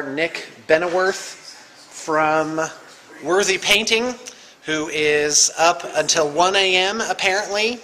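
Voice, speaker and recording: Upbeat, bright-voiced male game master. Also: on the high side, takes it slowly, slight background noise. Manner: upbeat, chatty, many fillers. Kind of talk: casual tabletop game hosting. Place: room around a gaming table. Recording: reverberant room.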